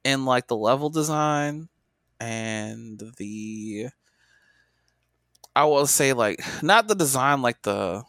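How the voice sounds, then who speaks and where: A man's voice: medium pitch, lively intonation, takes it slowly, pauses often, a bit bright, no echo, clean studio sound. A man co-hosting a podcast in casual chat, loose and profane, with plenty of fillers and restarts. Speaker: podcast co-host, former game tester.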